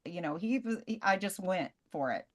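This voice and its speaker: A woman presenter on a video call, telling casual, lively stories in quick bursts. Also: fairly low pitch. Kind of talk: animated storytelling on a video call.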